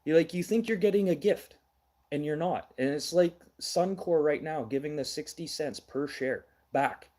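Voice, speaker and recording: A man's voice: a little high, moderate pace, dark tone. Blunt ranting man streaming. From Manitoba, Canada. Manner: blunt, ranting, swears, thinks aloud. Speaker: livestream news host. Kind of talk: casual livestream commentary.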